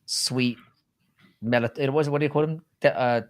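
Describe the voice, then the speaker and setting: A British man co-hosting a live fight-talk stream, chatting casually in an animated, jokey and rambling way with plenty of swearing. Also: mid-range voice, moderate pace. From Britain. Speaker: co-host of a live fight show.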